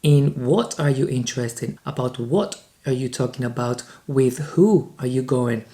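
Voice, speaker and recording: A man from Spain with a Spanish accent, teaching a beginners' language lesson in an upbeat way, slowing down for the example sentences. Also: mid-range voice, dark tone.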